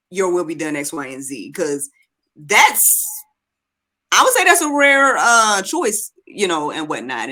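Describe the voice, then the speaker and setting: A woman's voice: sits low, sharp tone. A woman hosting a talk show, rambling through her thoughts with lots of fillers before she asks a question. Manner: rambling, filler-heavy, thinking aloud. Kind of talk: casual interview chat.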